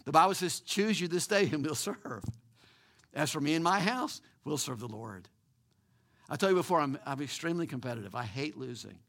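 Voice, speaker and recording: A man preaching a sermon as pastor, animated and emphatic, with repeated words, restarts and the odd chuckle. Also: on the high side, a little fast, vocal fry.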